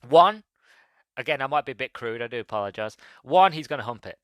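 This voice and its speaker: A man's voice: mid-range voice, fast talker, fairly bright tone, clear, resonant tone, no echo. A man hosting a podcast, chatting casually and rambling through a movie review, laughing as he retells scenes. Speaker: podcast host.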